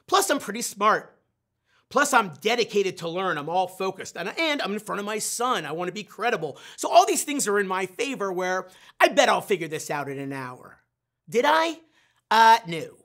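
A man's voice: high voice, a bit bright. A middle-aged man, a sales trainer, telling a self-mocking story in a live online training session and putting questions straight to his audience.

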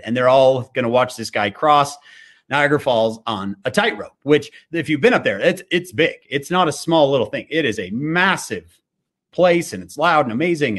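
A man's voice: medium pitch, fairly bright tone. A man giving a devotional fireside talk, telling a story with animation and frequent fillers and restarts. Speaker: speaker.

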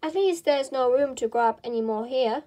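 A woman's voice: high voice, normal speed, dark tone, natural voice. A woman reading the lines of Alice, a curious, fretful little girl who talks to herself. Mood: musing.

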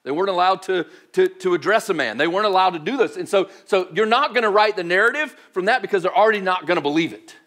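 Male pastor, high voice, chatty sermon, playful and full of filler words. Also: fast, few pauses. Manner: animated, joking, heavy use of "like". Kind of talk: casual conversational sermon.

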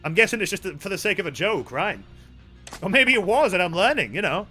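A man streaming a video game, reacting and reading game lines aloud in an animated, swearing, joking way. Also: high voice, brisk, faint music behind. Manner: animated, swears, laughs a lot.

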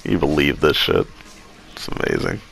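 Man, playful gamer, gravelly and bright, very animated pitch. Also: moderate pace, faint music behind. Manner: joking, teasing, quoting song lyrics. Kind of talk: casual gaming chat.

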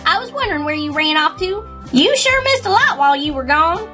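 A woman's voice: very high voice, animated, a little fast, bright, forceful tone, faint music behind, heavily acted. A woman voicing a fussy, folksy old grandmother pony in a toy skit, with a countrified way of talking. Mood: fond.

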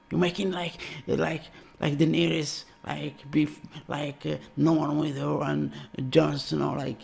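A man from Algeria, reacting to a show in casual, halting English and often laughing. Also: mid-range voice, gravelly, darkish tone, breathy edge, highs cut off. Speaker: reaction video host.

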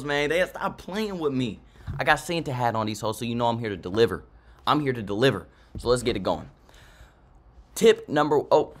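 A man's voice: medium pitch, fairly bright tone. A young man teaching chess in a casual, slangy, hyped way, talking straight to his viewers. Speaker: chess content creator.

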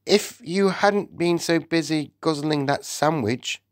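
Man doing a calm, sensible boy mouse. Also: a little high, slow, dry recording, clean studio sound, pitched above the performer's own voice. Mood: patient. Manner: patient, matter-of-fact, explaining.

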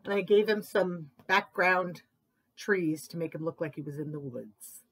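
A woman librarian reading picture books aloud in an animated, expressive way for children's story time. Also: fairly low pitch, unhurried.

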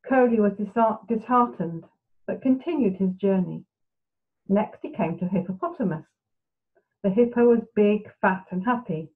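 A woman reading a bedtime storybook aloud in a soft, steady way. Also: mid-range voice, moderate pace. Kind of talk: gentle storybook narration. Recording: tinny phone-like sound.

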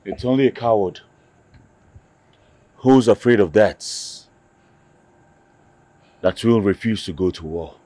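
A man's voice: fairly low pitch, expressive, warm tone, no room sound. An actor with a Nigerian accent playing a defiant young man who vows revenge in a film drama. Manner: defiant, slow and deliberate.

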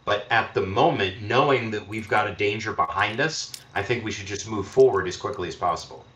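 A man playing a tabletop game, stating his view in a measured, deliberate way. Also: lowish voice, fairly bright tone, reverberant, slight background noise. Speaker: player. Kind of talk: casual game talk.

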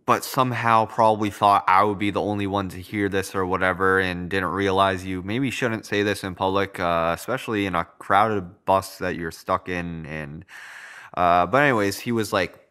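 A young man narrating a personal story in a loose, rambling way, full of filler words. His voice sits fairly low and sounds smooth and clear. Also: steady tone, normal speed, pushed and bright.

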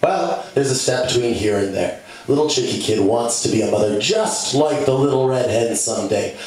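A man's voice: mid-range voice, moderate pace, a little mellow, far from the mic. Man telling a story in an echoey room. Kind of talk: comic storytelling.

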